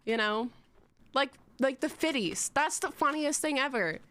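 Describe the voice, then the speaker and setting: A woman's voice: high-pitched, lively intonation, unhurried, sharp tone. A young woman streaming live, chatting in a rambling, giggly, self-mocking way to her chat.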